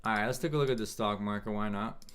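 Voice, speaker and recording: A man hosting a casual trading livestream, thinking aloud in a halting way and answering chat questions. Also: on the low side, a bit bright, slight background noise.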